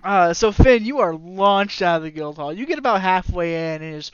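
A man's voice: high voice, expressive, normal speed, a bit bright, clear, resonant tone, no room sound. A man running a tabletop role-playing game as game master, narrating loosely with lots of fillers. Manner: rambling, many fillers, laughing. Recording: dry, dull lo-fi mic.

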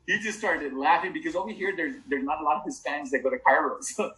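A man's voice: fairly high pitch, fast, bright, forceful tone, echoey room, poor audio. A middle-aged man in casual podcast chat, telling a long rambling story with frequent restarts and laughs. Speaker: podcast co-host.

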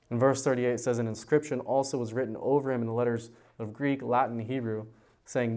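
Guy youth pastor preaching verse by verse, gets loud and high then drops way low, stumbles on repeated words. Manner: animated, rises in pitch and volume for emphasis, drops low on key points; repeats words when starting sentences. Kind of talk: verse-by-verse sermon.

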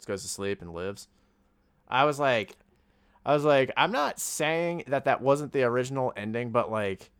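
A man casually talking through a movie's plot, animated and quoting the characters as he retells scenes. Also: lowish voice, clear, resonant tone, dry recording. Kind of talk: casual movie review chat.

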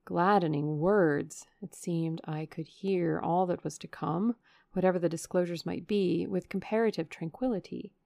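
A woman narrating a classic novel in a measured, expressive reading into a studio microphone. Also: on the low side, gravelly, no echo. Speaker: audiobook narrator. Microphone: USB studio microphone.

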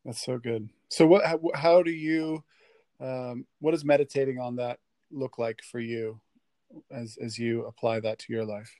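A pastor introducing and questioning a guest preacher, with encouraging remarks and fillers. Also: male voice, medium pitch, fairly even intonation, a little slow, darkish tone, no echo. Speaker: pastor hosting the interview. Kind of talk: church interview.

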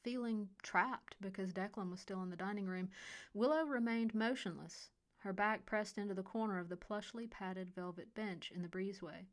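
A woman reading a short story aloud in a quiet, even way. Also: mid-range voice, normal speed. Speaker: narrator. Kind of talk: scripted story narration.

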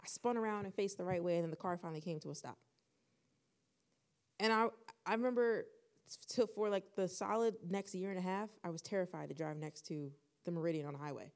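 Lively young woman telling a story. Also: lowish voice, a little fast. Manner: animated, acts out quoted dialogue. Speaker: podcast co-host. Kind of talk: casual storytelling chat.

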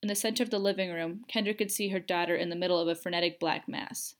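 A woman narrating a fan fiction audiobook with measured, expressive storytelling. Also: on the low side.

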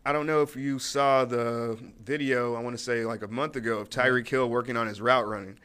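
A man in casual sports-podcast conversation, his voice bright and smooth with a clean, resonant edge. He talks things through at an easy pace, circling back with fillers and small restarts as he weighs players and matchups. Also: medium pitch, fairly quick. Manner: relaxed, thinks aloud with fillers and restarts. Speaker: podcast co-host.

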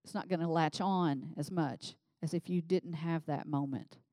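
A woman preaching a sermon in a conversational way, reading scripture and becoming animated as she voices the people in it. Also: low voice, moderate pace, no room sound. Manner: conversational, animated when voicing scripture figures.

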